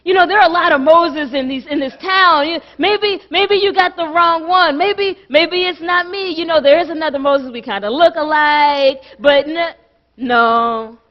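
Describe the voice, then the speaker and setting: A woman's voice: high voice, measured pace. A woman pastor preaching a dramatic sermon in a church, repeating phrases and acting out the voices of the people in her story. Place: church sanctuary. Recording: dull lo-fi church recording.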